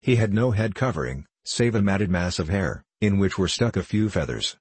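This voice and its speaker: Male audiobook narrator: measured, low and husky, dry. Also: expressive, a little mellow, dry recording. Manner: measured storytelling. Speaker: audiobook reader.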